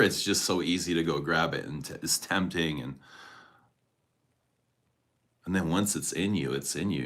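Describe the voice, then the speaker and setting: Low-pitched and sharp, this man hosts a casual livestream, rambling about his day and reading out viewer comments. He chuckles often and swears freely.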